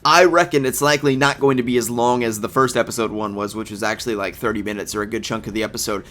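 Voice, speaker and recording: A man's voice: lowish voice, steady tone, quick pace, fairly bright tone. A young man hosting a casual games news video, groggy from just waking up, thinking aloud and correcting himself as he goes. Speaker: gaming news video host.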